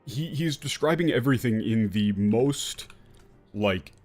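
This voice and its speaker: A man's voice: medium pitch, a little slow, faint music behind. A man commentating casually while playing a game, rambling with fillers and swearing. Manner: animated, profane, rambling with many fillers. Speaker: gaming streamer.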